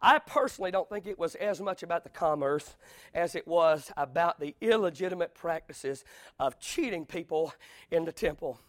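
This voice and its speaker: A man preaching a sermon, telling stories with sudden shouts. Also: fairly high pitch, normal speed, no room sound. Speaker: pastor.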